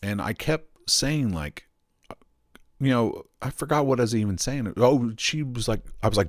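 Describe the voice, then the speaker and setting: A man's voice: medium pitch, animated, moderate pace, no echo, clean studio sound. A man ranting and telling a story at home in a casual, profane, rambling way. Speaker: streamer.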